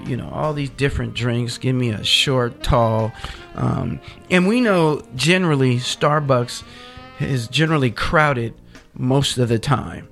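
A man's voice: medium pitch, gravelly, a bit bright. A middle-aged man hosting a radio show, telling playful stories and speaking directly to his listeners. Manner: chatty, anecdotal, playful, addresses listeners directly. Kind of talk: casual radio talk with storytelling.

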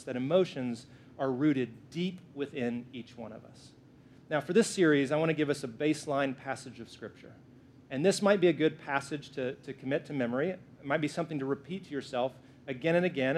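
A male pastor in his thirties preaching to his congregation. He talks in a playful, joking way, teasing the crowd before turning to scripture. His voice sits a bit on the high side. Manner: playful, lively, jokes with the congregation. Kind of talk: sermon. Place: church.

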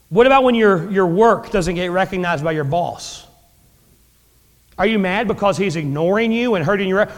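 A high-voiced male pastor delivering a sermon in a casual, conversational way, swinging up and down for emphasis. His voice rings out with a long reverb, as in a large church. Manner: conversational preaching with dramatic pitch swings and asides.

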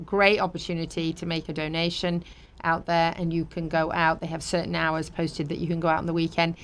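Lowish-voiced British woman hosting a talk show. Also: little pitch movement, fairly quick, slight background noise. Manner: chatty, laughs easily, reads sponsor plugs. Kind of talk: casual chat.

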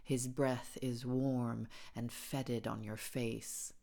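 Audiobook reader, female, very deep and unhurried, hushed horror narration. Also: little pitch movement, gravelly. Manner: hushed and deliberate, dropping into whispers at times. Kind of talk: scripted narration of a second-person horror story.

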